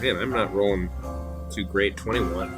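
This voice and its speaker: A man's voice: fairly low pitch, moderate pace, loud music behind the voice. A man playing a tabletop game, talking in a hesitant, stammering way. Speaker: player.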